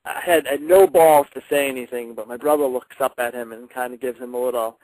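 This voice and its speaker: A young man, a wrestler guest on a radio show, telling stories in a casual, animated way and laughing now and then. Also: mid-range voice, fairly quick, few pauses, dry recording, poor audio. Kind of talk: casual radio interview storytelling.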